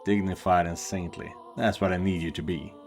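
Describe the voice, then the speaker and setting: A man reading a cruel, mocking lord from a game, slow and gloating. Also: low-pitched, steady tone, soft background music. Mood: gloating cruelty. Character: cruel sneering male lord, mocking and sadistic.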